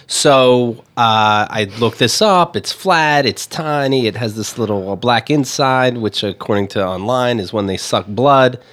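A man telling a story on a casual podcast, halting and hesitant with many fillers. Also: medium pitch, a bit bright.

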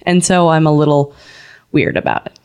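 A woman's voice: sits low, normal speed, a little mellow, smooth. A young woman chatting as a guest, blunt and self-mocking, swearing freely. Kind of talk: casual comedic chat.

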